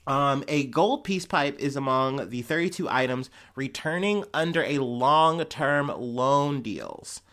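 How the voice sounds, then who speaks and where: A man's voice: medium pitch, expressive, takes it slowly, few pauses, fairly bright tone. A man hosting a podcast, talking through news stories in a rambling, profane, heated way. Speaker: podcast host. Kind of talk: casual news commentary.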